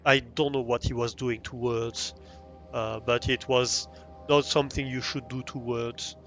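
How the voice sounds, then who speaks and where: A man's voice: medium pitch, little pitch movement, measured pace, fairly bright tone, muffled recording, soft background music. A man with a French accent chatting casually while livestreaming a game, rambling with frequent restarts and easy laughs. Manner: rambling, many restarts and ums, laughs easily.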